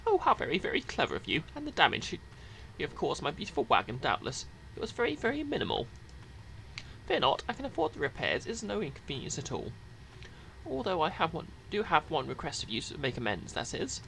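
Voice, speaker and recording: A smug, pompous, sing-song rival. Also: male voice, a little high, wildly swooping pitch, fairly quick, vocal fry, sharp tone, slight background noise, voice pushed up, full character voice, low-quality recording. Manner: theatrical, sing-song and condescending. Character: pompous, smug male rival, falsely gracious.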